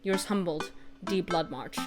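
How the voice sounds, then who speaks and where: A brooding gothic gentleman in a dating game, as a woman puts him on, lower and heavier than her own voice and stiffly formal. He speaks in a stilted, flowery, old-fashioned manner, with music playing behind him. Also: a little slow, lightly acted.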